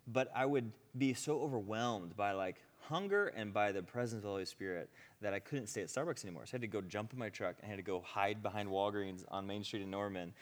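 A male preacher tells a testimony story, animated, acting out quotes and laughing often. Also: fairly low pitch, fast, few pauses. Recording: long hall reverb.

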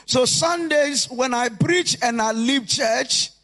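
A man preaching a sermon as pastor, impassioned and often shouting in a sing-song preaching cadence. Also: very high voice, slow pace. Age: adult.

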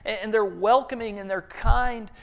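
Male preacher, earnest sermon story, gravelly, slightly high voice. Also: steady tone, normal speed, fairly bright tone.

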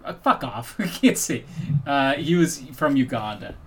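A male podcast host in loose, joking conversation, swearing casually and wandering through his thoughts. His voice sits at an ordinary middle pitch. A faint hum of room noise sits under him. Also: animated, unhurried. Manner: joking, swears freely, rambling with restarts.

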